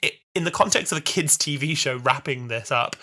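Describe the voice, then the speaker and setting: An enthusiastic man in his twenties co-hosting a podcast in casual chat. He has a bright tone and rambles, restarting his sentences as he goes. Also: fairly high pitch, fairly quick. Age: 20s. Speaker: podcast co-host.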